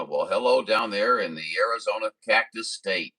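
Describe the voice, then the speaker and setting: A man's voice: lowish voice, moderate pace, sharp tone, husky, rough recording. A man from Missouri running a CB radio stream, chatting in a folksy, rambling way with radio jargon. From Missouri, USA. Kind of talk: radio contact chat.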